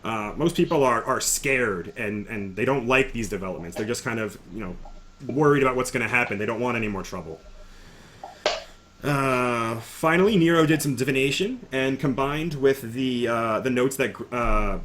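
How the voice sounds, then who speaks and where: A man's voice: mid-range voice, lively intonation, moderate pace, background noise. A man recapping the last session of a tabletop game as game master, rambling with fillers.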